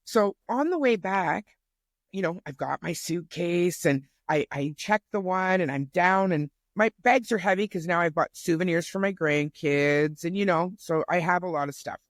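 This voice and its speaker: A woman in her fifties telling a personal story as a podcast guest, chatty and animated, often restarting her sentences. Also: on the low side, moderate pace, dry recording, studio quality. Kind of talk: casual storytelling conversation.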